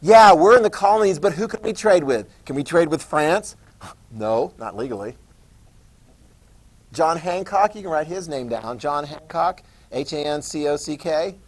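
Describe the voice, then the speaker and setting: A man's voice: a little high, lively intonation, moderate pace. Male history teacher with a slightly raised voice, conversational and repetitive, keeps checking the class follows. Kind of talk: classroom lecture.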